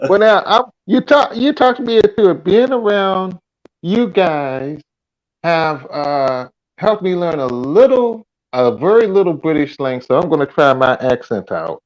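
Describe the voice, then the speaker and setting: A man's voice: on the high side, lively intonation, a little slow, muffled recording. A man from Virginia, chatting playfully and laughing on a livestream. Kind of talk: casual chat.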